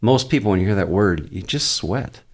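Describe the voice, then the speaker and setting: During a relaxed podcast interview, a male pastor talks at normal speed in a notably low voice. He's earnest and conversational, with some easy humor, and tends to think aloud and explain at length, circling back to restart his points often.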